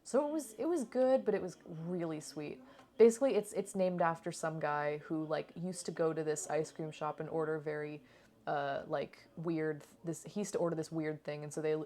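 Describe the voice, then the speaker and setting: Lower-pitched woman, easygoing travel-vlog voice-over, rambling and unfiltered. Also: a little mellow. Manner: chatty and rambling, swears and laughs often. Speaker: cooking channel vlogger.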